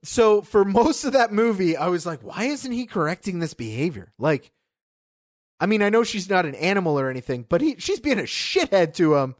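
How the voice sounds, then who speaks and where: A co-host argues about the year's films with a lively, swooping delivery. The talk is emphatic and laced with casual swearing. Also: mid-range voice, normal speed. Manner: animated, emphatic, swears freely. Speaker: co-host film reviewer. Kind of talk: casual film review chat.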